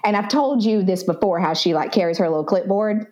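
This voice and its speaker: A woman's voice: mid-range voice, a little fast, lo-fi sound. A woman with a Southern American accent, a psychotherapist guest talking casually on a podcast and acting out quotes as she tells stories. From Southern United States. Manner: animated storyteller who acts out quotes.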